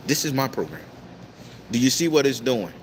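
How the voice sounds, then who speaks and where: A man hosting a casual livestream and reading out viewer comments, talking in a profane, preachy, emphatic way with sudden high-pitched outbursts. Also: sing-song, moderate pace, a little hiss or hum. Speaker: tarot reader and livestream host.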